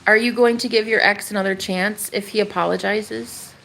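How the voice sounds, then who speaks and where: A woman's voice: mid-range voice, fairly even intonation, moderate pace, gravelly, a bit bright, slight background noise. A young woman talking casually on a livestream, rambling and swearing as she addresses her viewers.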